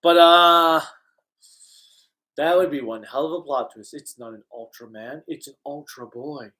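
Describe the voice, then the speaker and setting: Woman, low voice, casual livestream host, excitable, reads chat aloud. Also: normal speed.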